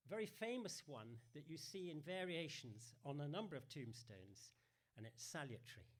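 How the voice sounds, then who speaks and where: A man gives an all-age sermon in church, his voice bouncing lively up and down. He sits a touch high and keeps it playful and chatty, tossing questions to the people listening. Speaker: preacher giving an all-age talk.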